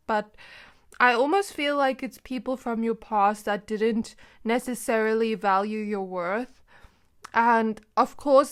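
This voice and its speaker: A woman with a fairly high voice gives a casual pick-a-card tarot reading. She talks in a loose, chatty way, giggles often and leans on "like" as a filler. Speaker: tarot reader.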